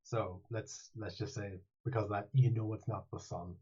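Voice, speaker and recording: A man's voice: on the low side, steady tone, normal speed, dark tone, husky. A man running a tabletop game as game master, rambling and playful, often restarting his sentences, on a dull, lo-fi mic.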